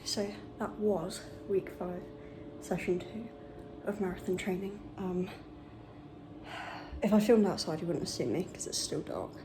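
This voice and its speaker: A young woman vlogger with a lowish voice talks a little slowly about her running while out on a run outdoors, slightly out of breath. She's chatty, upbeat and informal. It's a noisy outdoor phone recording.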